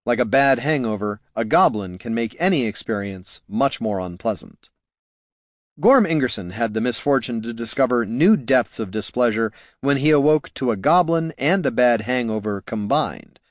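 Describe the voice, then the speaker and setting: A narrator reads a comic fantasy audiobook in a wry, measured way, with lively intonation. His voice is middle-pitched, and the recording is close and dry with no room sound.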